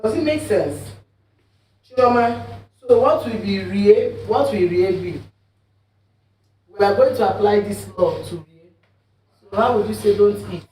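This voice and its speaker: A woman's voice: mid-range voice, a little slow, long pauses, dark tone. A woman teaches a classroom lesson, walking learners through examples and often asking if they are with her. Her voice rings around a roomy space. The mic is set some distance away from her. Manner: patient, repeats examples and checks understanding. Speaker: Igbo language teacher.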